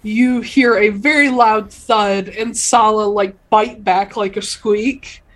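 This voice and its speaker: A woman narrating a tabletop game as game master, unhurried and pausing often. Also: medium pitch, fairly even intonation, fairly bright tone, low-quality recording. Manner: unhurried, hesitant, many filler pauses.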